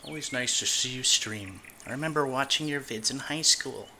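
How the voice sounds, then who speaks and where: Bright-voiced male streamer, casual and swearing. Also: medium pitch, moderate pace. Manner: chatty, swears, laughs often. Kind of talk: casual live-stream commentary. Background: faint music.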